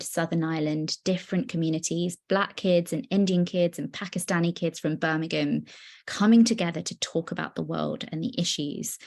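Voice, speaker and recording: A young woman giving an earnest, personal talk on a video call, with many pauses and fillers. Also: on the low side, darkish tone. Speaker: guest speaker. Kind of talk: virtual presentation.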